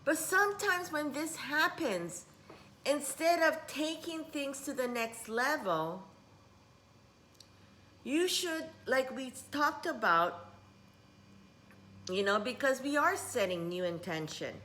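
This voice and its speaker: A woman's voice: sits high, lively intonation, takes it slowly, pauses often. A middle-aged woman who teaches spiritual workshops, rambling in a casual vlog and dropping in Japanese words. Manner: rambling, warm-hearted, mixes in Japanese words.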